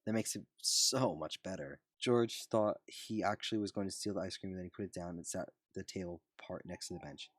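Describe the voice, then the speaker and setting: A man reads a story aloud in a low voice. He stumbles and restarts now and then. The sound is dry and close. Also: steady tone, fast talker, few pauses, dry recording. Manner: plain, with slips and restarts. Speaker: reader. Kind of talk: reading fan fiction aloud.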